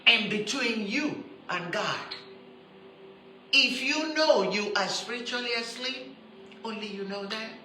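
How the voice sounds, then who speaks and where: A woman preaching a sermon who stresses her points by repeating them and turns soft and intimate when she appeals to her listeners. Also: on the high side, slow, echoey room, slight background noise, low-quality recording. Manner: emphatic, repeats key phrases for stress.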